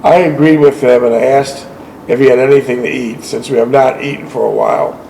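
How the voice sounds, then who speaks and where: A man's voice: medium pitch, fairly even intonation, mellow, low-quality recording. Man reading a war memoir aloud, stumbling. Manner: halting reading with frequent self-corrections.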